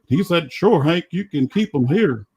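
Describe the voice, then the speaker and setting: Man impersonating a stern middle-aged Texan salesman, slow drawl, pitched up. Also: animated, a little mellow, husky, exaggerated voice. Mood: folksy.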